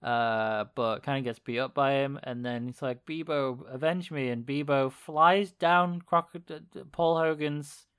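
A man's voice: mid-range voice, steady tone, unhurried, hardly any pauses, fairly bright tone, smooth. A man casually recapping a video on a podcast, rambling with fillers and laughing often. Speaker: podcast co-host. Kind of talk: casual chat.

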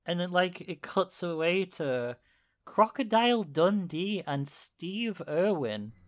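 A man's voice: high-pitched, big pitch swings, slow. A man casually recapping a video on a podcast, rambling with fillers and laughing often. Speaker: podcast co-host. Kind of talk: casual chat.

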